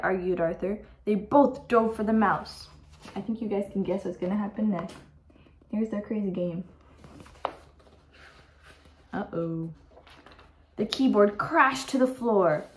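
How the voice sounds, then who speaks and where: A woman's voice: mid-range voice, a little slow, pauses often, rough recording. A teenage girl reading a picture book aloud to young listeners, giving the characters voices and adding chatty asides. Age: teens. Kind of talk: read-aloud storytime with asides.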